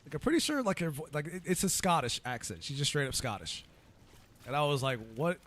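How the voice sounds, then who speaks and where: A man's voice: fairly high pitch, very animated, quick pace, fairly bright tone. A man commentating casually over his gameplay as a gaming YouTuber, rambling with lots of fillers. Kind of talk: let's-play commentary.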